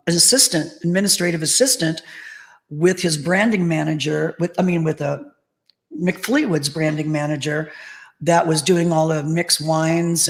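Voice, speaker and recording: A middle-aged woman, a tribute band singer, chatting as an interview guest and telling lively anecdotes full of acted-out quotes. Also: low-pitched, low-quality recording. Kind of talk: casual interview storytelling.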